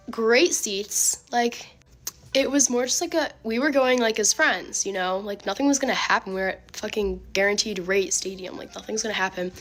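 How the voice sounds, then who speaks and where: Chatty young woman telling a story. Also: a little high. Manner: chatty, animated, frequent "like" fillers and swearing. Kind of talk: casual storytime.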